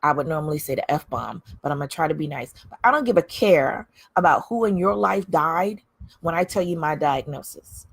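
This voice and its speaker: A woman's voice: low voice, lively intonation, moderate pace, vocal fry, breathy edge. A woman hosting a candid livestream, talking bluntly and emphatically, repeating phrases to drive her points home. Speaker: livestream host.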